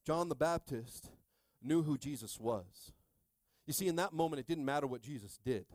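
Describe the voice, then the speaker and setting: A male pastor in his thirties preaching a sermon, calling out to the congregation and swinging from quiet asides to shouting. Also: on the high side, animated, moderate pace, dry recording.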